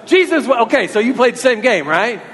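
A man's voice: very high-pitched, lively intonation, brisk, fairly bright tone. A man preaching a sermon from a church, earnest and talking freely, often repeating words as he restarts a thought. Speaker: pastor. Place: church sanctuary. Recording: long church reverb.

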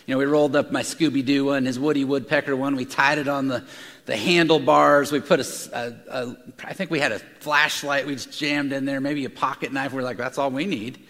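Gravelly male preacher in a reverberant hall. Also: mid-range voice, steady tone, a little fast, a bit bright. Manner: storytelling with frequent repeated words. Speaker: pastor. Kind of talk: sermon. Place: large room with an audience.

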